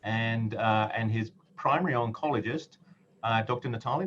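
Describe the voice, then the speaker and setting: A man, an oncologist, moderating a medical panel in a measured way with frequent pauses. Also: medium pitch, a bit bright. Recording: dull lo-fi audio with faint noise.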